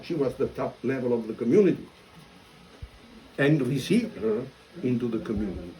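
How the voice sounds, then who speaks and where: Animated Italian-accented priest telling a story. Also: male voice, medium pitch, moderate pace, poor audio. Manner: animated, self-mocking storyteller who acts out quoted dialogue. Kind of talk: storytelling talk.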